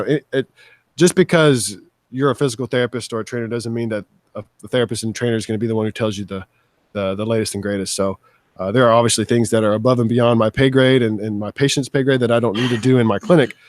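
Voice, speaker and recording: A man who works as a physical therapist, adding measured, low-key points in a casual panel talk. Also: fairly even intonation, no room sound, studio quality. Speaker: physical therapist, podcast co-host.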